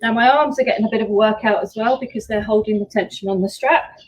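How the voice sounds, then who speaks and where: A fairly high-voiced woman talks a home workout class through each exercise. Her coaching is upbeat and chatty, and she sounds slightly out of breath as she moves. She is recorded by a camera set some distance away. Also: fast, slight background noise. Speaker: fitness instructor. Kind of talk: live workout class instruction.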